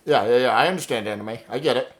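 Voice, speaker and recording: A man's voice: medium pitch, fast. A man with a Southern US accent co-hosting a comedy improv podcast in laid-back, self-mocking banter. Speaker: podcast co-host.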